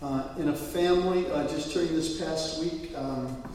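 Male pastor, sermon storyteller who builds to loud peaks; slightly high voice, distant mic, long church reverb. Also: normal speed, a little hiss or hum. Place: church sanctuary. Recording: echoey hall, mic from afar.

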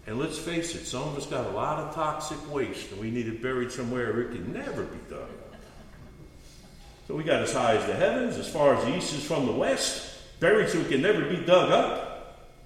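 A male pastor preaching with a lively, swinging voice pitched a bit high. He sounds distant from the mic, and a long reverb fills the big church hall around him. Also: normal speed. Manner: animated, storytelling, earnest. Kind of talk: sermon.

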